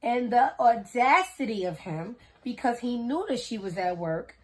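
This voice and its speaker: A woman in her thirties telling a story to camera in a casual, slangy, animated way, acting out the people she describes. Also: a little high, normal speed. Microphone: camera on a tripod.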